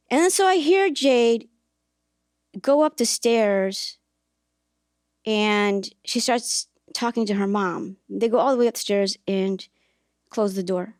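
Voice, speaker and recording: A woman's voice: mid-range voice, takes it slowly, pauses often, a little mellow, dry recording, studio quality. A woman hosting a podcast, telling a personal story in a reflective, earnest way, with hesitations and restarts. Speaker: podcast host and author.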